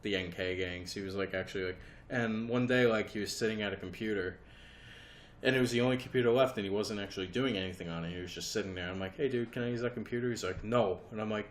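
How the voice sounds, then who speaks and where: A young man co-hosts a podcast, rambling through stories in casual conversation, swearing freely and laughing a lot. He talks fast in a lowish voice with fairly even intonation, and there's slight background noise.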